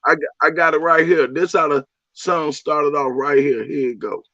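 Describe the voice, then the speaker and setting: Guy bragging crude about his songs, kinda high voice, muffled close recording. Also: fairly even intonation, normal speed, sharp tone, no echo. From Miami, USA. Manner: boastful, crude, streetwise. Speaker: musician guest. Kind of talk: casual interview chat. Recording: dull lo-fi audio.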